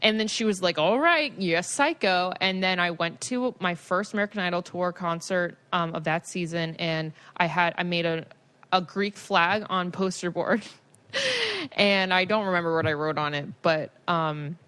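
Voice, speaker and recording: A woman in her twenties co-hosting a podcast, telling stories in an animated way, laughing often and leaning on "like" fillers. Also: fairly low pitch, moderate pace, clear, resonant tone, dry recording. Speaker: podcast co-host. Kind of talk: casual chat.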